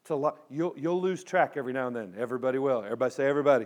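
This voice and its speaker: A man giving a storytelling sermon to students in front of a live audience, acting out voices and turning quiet and earnest toward the close. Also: medium pitch, racing, few pauses. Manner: animated storyteller who acts out voices.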